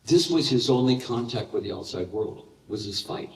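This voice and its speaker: Older man, animated storyteller, live Q&A guest, roomy hall sound, distant pickup. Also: mid-range voice, normal speed. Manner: animated anecdotes with laughter. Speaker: interview guest. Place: large hall with live audience.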